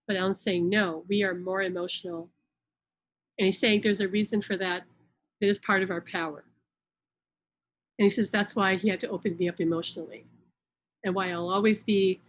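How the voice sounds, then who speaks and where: A woman's voice: mid-range voice, slight background noise, low-quality recording. Earnest woman relaying spirit messages. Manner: earnest, repeats words while relaying messages. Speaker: psychic channel hosting a live stream. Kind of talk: casual spiritual live-stream talk. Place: room indoors at home.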